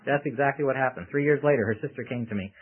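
A male preacher with a husky voice tells his sermon like a story, throwing rhetorical questions at his listeners. He comes through a tinny, phone-thin radio broadcast. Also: medium pitch, racing.

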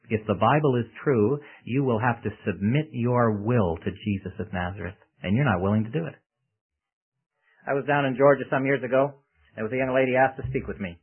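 A male preacher with a husky voice tells his sermon like a story, throwing rhetorical questions at his listeners. He comes through a tinny, phone-thin radio broadcast. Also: mid-range voice.

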